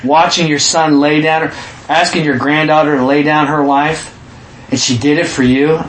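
High-voiced, animated male preacher. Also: normal speed, echoey room, slight background noise. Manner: animated, acts out quotes with sudden shouts. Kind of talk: sermon.

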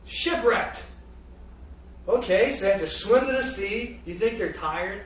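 A man preaching a sermon, animated and laughing, throwing rhetorical questions at his congregation. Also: high voice, a little slow. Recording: roomy, dull, distant from the mic.

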